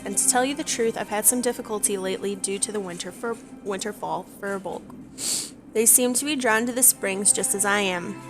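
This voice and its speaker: A woman's voice: medium pitch, natural voice. Woman reading as a kindly female researcher. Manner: read aloud in her own plain voice. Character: female hot-springs researcher, kindly quest giver. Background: game music.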